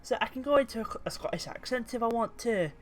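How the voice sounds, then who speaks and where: A woman's voice: on the high side, animated, fast, a little mellow. A British woman casually commenting on tabletop game memes, chatty and swearing freely. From Britain. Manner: chatty and swearing, trailing off mid-thought. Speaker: YouTuber reading memes.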